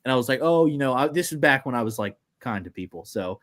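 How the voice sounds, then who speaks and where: A young man spins a long family story on a podcast. He rambles, restarts and stacks fillers as he goes, and he gets animated when the story heats up. His voice sits at an ordinary middle pitch. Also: quick pace. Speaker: podcast co-host. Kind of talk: casual storytelling chat.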